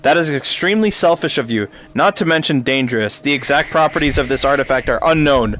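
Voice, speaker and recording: A man's voice: medium pitch, brisk, fairly bright tone, natural voice. An actor playing a cautious male scientist in a game, speaking in a formal, scolding way. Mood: disapproving. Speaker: game character. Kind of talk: game dialogue.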